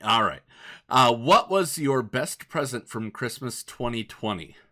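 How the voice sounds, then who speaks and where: A man's voice: medium pitch, animated, a little slow, pushed and bright. A man hosts a podcast from a home studio, keeping the talk loose and upbeat. He chats freely and often restarts his sentences mid-thought. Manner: upbeat, chatty, prone to restarts. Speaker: podcast host. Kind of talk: casual chat.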